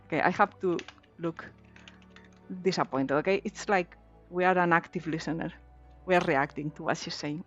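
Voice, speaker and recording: A woman chatting casually while streaming a video game, giggly and quick to repeat and restart her words. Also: fairly low pitch, steady tone, a bit bright. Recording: slightly dull lo-fi mic. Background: faint background music.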